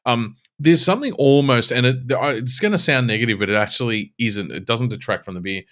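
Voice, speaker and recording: A man's voice: medium pitch, a little fast, fairly bright tone. An Australian man co-hosting a casual beer podcast, swearing freely and laughing often. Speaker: podcast co-host.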